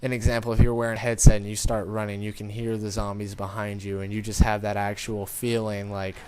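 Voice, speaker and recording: A man with a fairly low voice talks through a game in casual commentary. He rambles in an informal way and speaks directly to his viewers. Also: level tone, fairly quick, a little mellow, clear, resonant tone. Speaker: gaming commentator.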